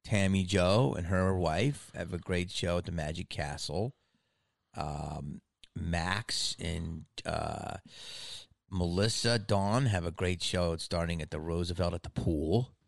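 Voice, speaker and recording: Rambling low-voiced man chatting. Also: slow, gravelly, dry recording, studio quality. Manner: rambling, swears, laughs often. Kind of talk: casual comedic chat.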